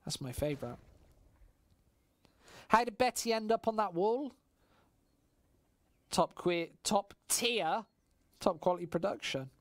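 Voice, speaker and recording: Excitable West Midlands woman caster. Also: on the low side. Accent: West Midlands English. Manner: swings from relaxed chat-reading to shouting excitement at big plays. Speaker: esports caster. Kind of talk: solo play-by-play commentary on a stream.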